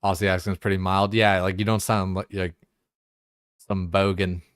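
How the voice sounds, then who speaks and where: A man's voice: low-pitched, little pitch movement, moderate pace, clear, resonant tone, no echo, studio quality. A young adult man streaming a game, chatting casually and rambling with lots of swearing and filler words. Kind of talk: casual chat while gaming.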